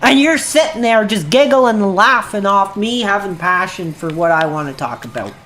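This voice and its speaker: A woman's voice: medium pitch, lively intonation, normal speed, a bit bright. A woman livestreamer ranting angrily at her chat in a heated, profane way. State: agitated. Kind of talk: angry livestream rant.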